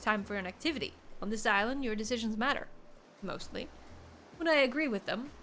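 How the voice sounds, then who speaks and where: A woman's voice: fairly high pitch, animated, brisk, fairly bright tone, slight background noise. A woman voicing a smug, shady narrator in a game, dry and theatrical. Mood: sly. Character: smug, shady island narrator, sly host.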